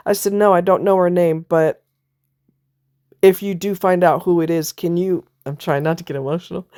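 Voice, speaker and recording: A woman with a lowish voice speaks straight to the camera in a casual personal monologue. She tells her story bluntly and with emphasis, dropping the odd swear word. The sound is dry and close. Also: moderate pace, long pauses, dark tone, smooth, no echo. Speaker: vlogger.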